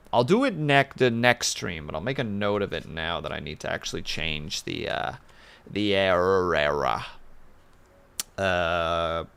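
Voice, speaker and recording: Animated rambling male streamer. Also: sits low, gravelly, smooth. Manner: rambling, animated, playful asides. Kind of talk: casual stream chat.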